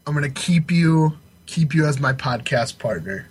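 A man voicing a pushy, fervent sports agent in a comedy podcast sketch, hoarse and preachy, yelling his catchphrase. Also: a little high, animated, moderate pace. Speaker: podcast co-host.

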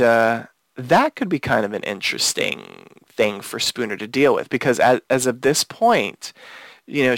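A man with a gravelly, fry-laden voice hosts a casual podcast chat, rambling through restarts and fillers. The sound is dry and close, with no room around it. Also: mid-range voice, a bit bright, no echo. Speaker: podcast host.

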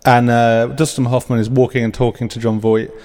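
A man's voice: medium pitch, flat delivery, a little fast, darkish tone. A man on a podcast, chatting hesitantly with many fillers and dry jokes. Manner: hesitant, full of fillers, joking. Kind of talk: casual chat. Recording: long reverb in the room.

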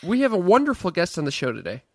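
A man's voice: high voice, wildly swooping pitch, fast talker, no room sound. A young man with a Chicago accent, a stand-up comic co-hosting a casual podcast, joking and self-deprecating.

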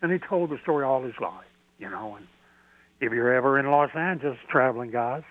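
An older man with a Southern American accent tells a story in a folksy, halting way, often restarting his sentences. He sounds thin and tinny, as if heard over a phone line. The line is dry, with no room sound around him. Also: mid-range voice, dry recording. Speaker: podcast host, radio guest. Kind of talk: storytelling in a radio interview.

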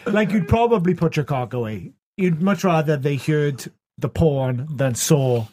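A man's voice: on the high side, expressive, measured pace, darkish tone. A man on a casual podcast, throwing in crude, mock-indignant rants. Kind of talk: casual banter.

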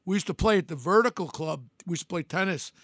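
An older man hosts his podcast in a blunt, wandering monologue full of restarts. His voice is gravelly and pitched high for a man. The close microphone sounds dry, with no room around it. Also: expressive, fast talker, a bit bright, no room sound. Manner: rambling, blunt, many restarts and fillers. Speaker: podcast host. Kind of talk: casual monologue.

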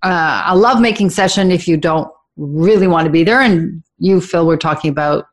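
A woman's voice: lowish voice, normal speed. A woman hosting a talk show, talking frankly and chattily about relationships and laughing easily.

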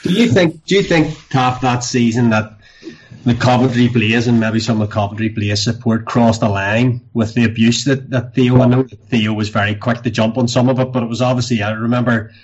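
A man's voice: medium pitch, a little fast, husky, dull audio. A man hosting a podcast panel, asking questions in casual chat and often restarting his phrases.

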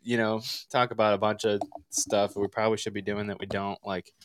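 A man appearing as a guest on a studio podcast and talking about his business in a relaxed, rambling way through a headset mic. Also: on the low side, fairly quick, no room sound. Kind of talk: casual podcast conversation.

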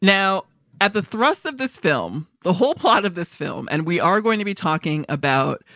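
A woman's voice: on the low side, very animated, normal speed, a bit bright, no echo, clean studio sound. A woman co-hosting a podcast about films, talking casually, laughing often and acting out lines in other voices. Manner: chatty, laughs often, acts out quotes. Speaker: podcast co-host. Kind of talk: casual film discussion.

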